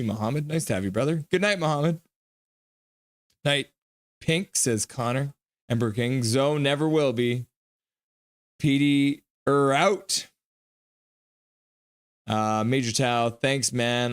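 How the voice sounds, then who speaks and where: A man hosting a live stream, chatting casually, reading out viewer comments and teasing and thanking people by name. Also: mid-range voice. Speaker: livestream host.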